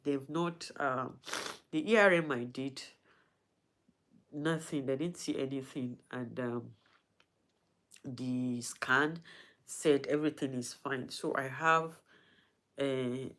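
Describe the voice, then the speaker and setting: A woman speaks straight to her followers in a personal vlog. She sounds weak and in pain, halting and emotional, often starting a sentence over before she finds her words. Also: extremely low pitch, fairly even intonation, fairly bright tone. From Nigeria. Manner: halting and emotional, with frequent restarts. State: in pain and weak from not eating. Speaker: vlogger.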